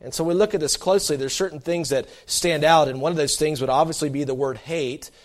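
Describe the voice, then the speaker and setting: Animated man preaching a sermon. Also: a little high, a little fast. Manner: animated, voices imagined listeners' reactions, many restarts.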